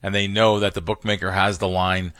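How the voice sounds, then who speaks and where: A man with a bright, forceful voice talks through betting like a seasoned pro on a podcast. He stumbles and restarts mid-sentence, then drives his points home with emphatic stories. The recording is dry and close, with no room sound. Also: low voice, little pitch movement, fairly quick, no echo. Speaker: professional sports bettor, guest. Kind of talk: casual podcast conversation.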